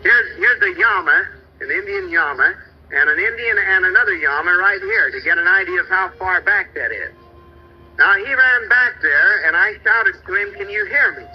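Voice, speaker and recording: Middle-aged guy doing an old slide-show travel talk, higher voice, dull old tape sound, folksy. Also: normal speed, breathy edge. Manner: folksy, pointing out pictures, hunting for names. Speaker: travel lecturer narrating slides.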